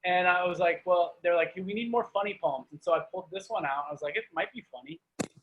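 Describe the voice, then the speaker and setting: A man's voice: high voice, fast, highs cut off. A middle-aged man, a performance poet, doing a comic spoken-word reading over a video call. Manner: animated, comic delivery.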